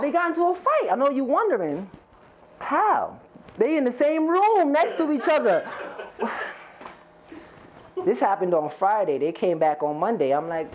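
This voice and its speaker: Animated stand-up comic man. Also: high voice, normal speed, pauses often, a little hiss or hum. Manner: rambling, profane, conversational storytelling to the crowd. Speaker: stand-up comedian. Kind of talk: stand-up comedy set. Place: stage before a live audience.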